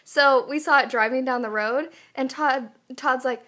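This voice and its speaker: Young woman, vlogger, chatty and candid, slightly high-pitched. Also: moderate pace, few pauses, fairly bright tone. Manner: chatty, candid, lots of fillers. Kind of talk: casual personal vlog.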